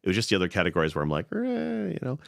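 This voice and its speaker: A man co-hosting a podcast, speaking bluntly in relaxed casual chat with frequent swearing. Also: on the low side, very fast, creaky, no echo, studio quality. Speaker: podcast co-host.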